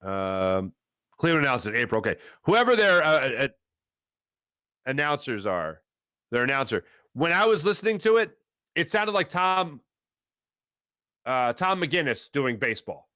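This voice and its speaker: A middle-aged man hosting a live sports talk show, answering chat in a rambling, animated way. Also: unhurried, long pauses, smooth, dry recording, clean studio sound. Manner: animated, rambling, swings between low asides and loud bursts.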